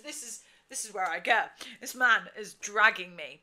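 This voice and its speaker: A woman's voice: fairly high pitch, moderate pace, few pauses. A woman in her twenties, co-host of a casual podcast, telling a story animatedly and laughing often. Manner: animated, laughs often, acts out quotes loudly.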